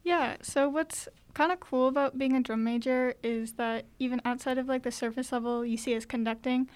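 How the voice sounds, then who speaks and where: Upbeat teen girl, clear higher voice. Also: steady tone, moderate pace, a little mellow. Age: teens. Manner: upbeat, fillers like "like" and "kinda". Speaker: student drum major guest. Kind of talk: casual interview answers.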